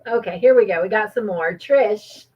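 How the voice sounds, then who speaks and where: A woman's voice: mid-range voice, normal speed, slightly rough, dull audio. A woman hosting a livestream trivia game, cheerfully reading out viewers' comments and laughing often.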